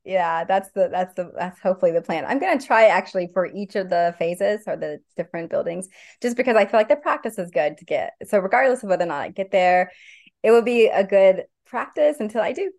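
A woman's voice: medium pitch, animated, fairly quick, darkish tone. A woman co-hosting a podcast in casual chat, giggly and rambling. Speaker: podcast co-host.

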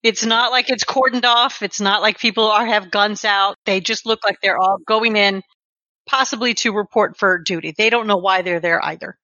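A woman runs a tabletop game, laying out each scene with steady description. Her voice is bright and forceful. The recording is dry with a slightly muffled tone. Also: medium pitch, moderate pace, no room sound. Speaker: game master.

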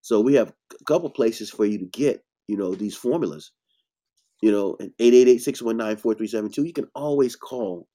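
Blunt, preachy man with a mellow voice. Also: on the low side, a little fast. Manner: blunt, preachy, emphatic bursts. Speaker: herbalist host. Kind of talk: casual health talk.

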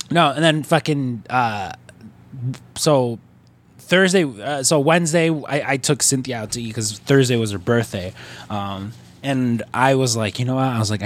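A man co-hosting a podcast, telling a story in a casual, rambling way full of fillers and cursing. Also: medium pitch. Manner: rambling, profane, filler-heavy. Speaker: podcast co-host.

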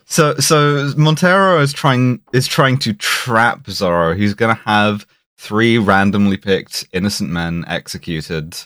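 A man's voice: on the low side, expressive, unhurried, fairly bright tone, smooth, no room sound, studio quality. A man co-hosting a podcast, talking casually and rambling, with plenty of fillers, restarts and swearing. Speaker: podcast co-host. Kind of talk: casual chat.

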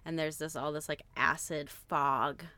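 A young woman co-hosting a podcast, casually retelling a horror film's plot in an animated way, with lots of "like" and the odd swear word. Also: sits low, measured pace, no room sound. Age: young adult. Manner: animated storyteller, frequent "like", swearing. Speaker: podcast co-host.

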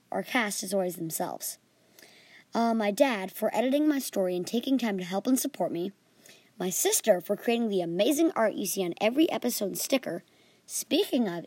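A woman's voice: mid-range voice, darkish tone, dry recording. A female podcast host reading her own fantasy adventure story in an earnest way, with small slips.

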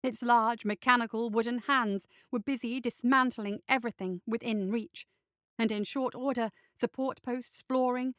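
A woman narrating a fantasy story aloud in a steady reading voice. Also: on the high side, no room sound, clean studio sound.

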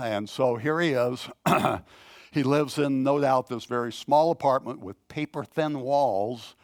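A man preaching a sermon in a slow, halting, conversational way, clearing his throat often and telling a self-deprecating story. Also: medium pitch, no room sound, clean studio sound. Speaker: pastor.

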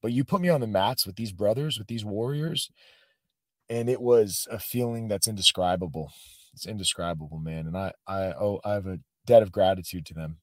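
A man with a lowish voice tells personal stories in an animated, heartfelt way, calling his listener "bro" and "man". The sound is dry and close. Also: a little fast, no room sound. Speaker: podcast guest. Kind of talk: casual storytelling.

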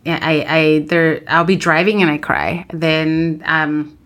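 A woman in her thirties, a mother of three, co-hosting a podcast and telling frank, lively stories while switching between English and Spanish. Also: low-pitched, a little slow. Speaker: podcast co-host. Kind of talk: casual chat.

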